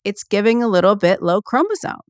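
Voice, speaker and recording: A woman's voice: mid-range voice, big pitch swings, a little fast, no echo, studio quality. A woman hosting a podcast in casual, comedic chat, rambling and sarcastic with lots of fillers. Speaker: podcast host.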